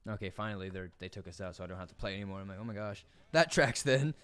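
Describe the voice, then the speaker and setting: A man's voice: fairly low pitch, lively intonation, racing, fairly bright tone, clear, resonant tone, dry recording. Profane Southern young man streaming a game. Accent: American Southern. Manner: profane, rambling, jokey. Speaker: gaming streamer. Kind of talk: casual gameplay commentary. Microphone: desk mic.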